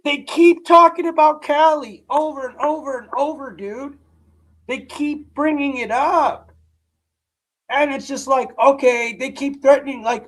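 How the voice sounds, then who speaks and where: A hoarse man hosting a live reaction stream, rambling in casual commentary and calling his viewers "dude". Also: extremely high pitch, measured pace, a bit bright, low-quality recording. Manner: rambling, repeats himself, says "dude" often. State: hoarse, voice nearly gone.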